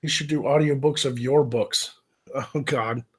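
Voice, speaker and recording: A man's voice: medium pitch, steady tone, a little slow, breathy edge. Joking casual livestream host, man. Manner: jokey, laughs often, loose and rambling.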